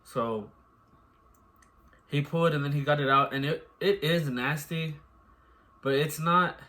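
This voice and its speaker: A man's voice: fairly high pitch, unhurried, sharp tone. A man, a new father, chatting casually, rambling and repeating filler words. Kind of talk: casual chat.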